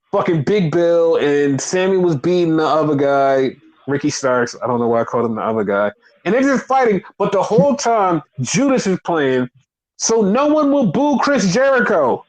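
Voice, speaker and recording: Animated man recapping wrestling. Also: high-pitched, normal speed. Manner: animated, swears freely, acts out quotes. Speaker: podcast co-host. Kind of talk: casual wrestling recap chat.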